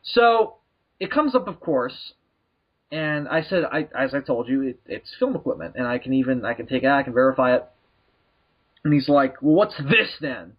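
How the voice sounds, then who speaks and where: A man's voice: medium pitch, normal speed. A man hosting a comedy podcast, telling a rambling, profane story and acting out the people in it. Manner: profane, laughing, acts out people in stories. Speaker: podcast host. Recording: muffled lo-fi podcast recording.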